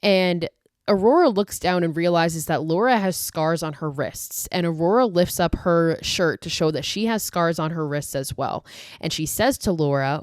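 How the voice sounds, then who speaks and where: Woman host, lowish voice, dry close mic, casual film recap with swearing rants. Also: normal speed, no room sound. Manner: profane, exasperated asides; filler-heavy retelling with 'like'. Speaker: podcast host.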